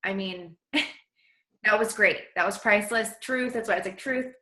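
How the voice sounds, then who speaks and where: A woman hosting a motivational team coaching call, gushing and energetic in casual chat. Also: medium pitch, a little slow, echoey room, poor audio.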